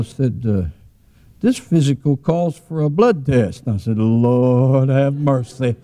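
Preacher guy telling a story from the pulpit, mellow low-key voice, lots of restarts. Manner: folksy, repetitive storytelling with restarts. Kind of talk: storytelling sermon.

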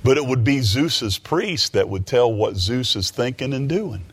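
A male preacher delivering a sermon at a middle pitch. He reads verses slowly and then explains them in his own words. His voice sinks low and soft for the confessions and climbs sharply when he stresses a point. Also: animated, breathy edge. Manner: drops low and quiet in confession, rises emphatic on key words; repeats phrases and stammers while working through a thought. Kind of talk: sermon, reading and expounding scripture.

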